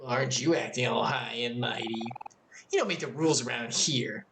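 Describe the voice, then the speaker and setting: A woman voicing a mean teenage boy bully, low and sneering, in a game playthrough. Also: normal speed, noisy background.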